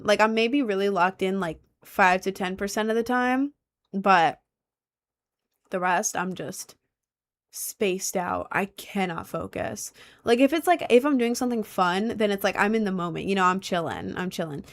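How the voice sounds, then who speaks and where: A young adult woman livestreaming, chatting casually and reading out viewer comments in a rambling way, going loud then mumbling. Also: mid-range voice. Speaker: livestreamer and musician.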